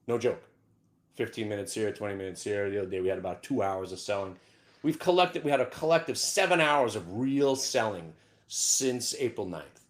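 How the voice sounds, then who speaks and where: Brash excitable man ranting about trades. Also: on the low side, moderate pace. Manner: excitable, loud bursts of shouting, brash. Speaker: market show host. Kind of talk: live trading rant.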